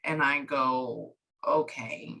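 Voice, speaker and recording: A woman giving a psychic reading, relaying a spirit's words in chatty, lively bursts. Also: a bass voice, slow pace, creaky, poor audio. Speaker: psychic medium.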